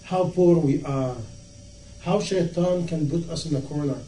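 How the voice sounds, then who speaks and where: Impassioned high-voiced preacher in echoey room. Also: male voice, measured pace, warm tone. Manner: impassioned, rhetorical questions, acts out dialogue. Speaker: Islamic preacher. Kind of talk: sermon. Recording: echoey room, from far off, faint noise.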